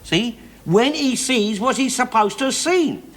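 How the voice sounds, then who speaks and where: An actor playing a bigoted, blustering middle-aged working-class London man who argues and swears without pause, in a studio sitcom. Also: very high voice, lively intonation, fairly bright tone, full character voice. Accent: Cockney. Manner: blustering, argumentative, swears constantly. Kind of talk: 1960s-70s studio sitcom acting.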